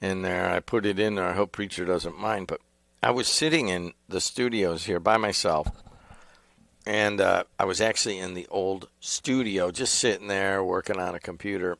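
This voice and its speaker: A man's voice: sits low, moderate pace, vocal fry, a bit bright, dry recording. A middle-aged man, a radio station owner and host rambling casually on air from a small studio. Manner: rambling, conversational storytelling. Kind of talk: casual talk radio chat.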